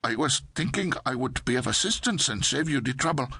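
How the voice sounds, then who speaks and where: A man's voice: medium pitch, lively intonation, a little fast, sharp tone, husky, no room sound, clean studio sound, pitched above the performer's own voice, heavily acted. A man doing a sing-song Pakistani store clerk. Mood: insistent. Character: tall thin male store clerk, calm and self-assured.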